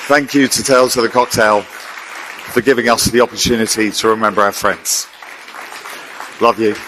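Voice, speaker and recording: A man's voice: fairly low pitch, steady tone, normal speed, a crowd in the background, noisy background. A man giving an earnest, reflective tribute speech into a stage mic in a large concert hall. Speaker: memorial speaker at an awards ceremony.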